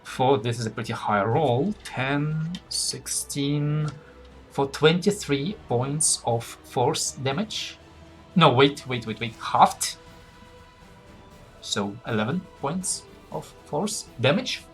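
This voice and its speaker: A man running a tabletop game, talking in a casual, loose way and filling pauses with "uh" and "like" as he works things out. His pitch sits in a middle range, and soft music plays faintly underneath. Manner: casual, thinks aloud with fillers. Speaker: game master.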